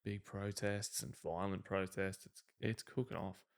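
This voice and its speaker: A male podcast host speaks in a low voice with a gravelly edge. His tone is easygoing, and most of what he says is short and agreeing. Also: fairly even intonation, a little slow. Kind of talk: casual conversation.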